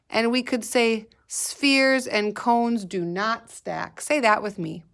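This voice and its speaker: A female kindergarten teacher talks through a recorded math lesson at a gentle, unhurried pace. She prompts the children to say words back to her in a patient, encouraging way. Her voice sits at an ordinary middle pitch. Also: creaky. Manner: slow, patient, sing-song prompting for children to repeat.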